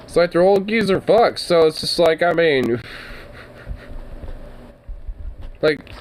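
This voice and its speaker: A man's voice: on the high side, animated, takes it slowly, slight background noise, rough recording. A rambling, swearing young man. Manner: swearing, laughing, rambling with many fillers. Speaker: podcast host. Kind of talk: casual solo commentary.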